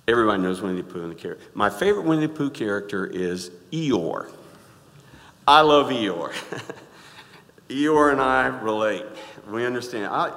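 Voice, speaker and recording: A middle-aged man preaching a sermon in a church, animated and rising to loud exclaims, often asking the congregation to answer back. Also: mid-range voice. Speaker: pastor. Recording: reverberant church hall.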